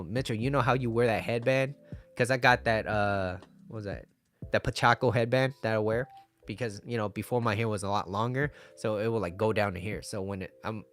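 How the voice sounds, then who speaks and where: A man's voice: on the low side, brisk, fairly bright tone. A man talking casually to his viewers, giving dating advice in a chatty style and often asking "right?".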